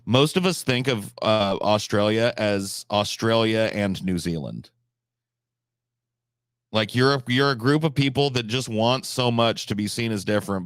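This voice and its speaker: A man's voice: lowish voice, dry recording, clean studio sound. A man from the United States chatting casually on a live stream, blunt and rambling, with frequent swearing.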